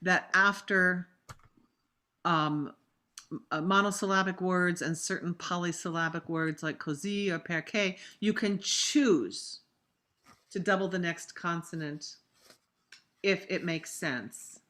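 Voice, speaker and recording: A woman coaching opera singers over a video call, her voice bright and clear, her delivery unhurried and deliberate. She stays chatty and encouraging, then now and then belts out a demonstration word. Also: lowish voice. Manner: demonstrative, acts out diction examples with sudden loud bursts; conversational, warm coaching with fillers. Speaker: opera coach leading a master class. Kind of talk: virtual master class teaching.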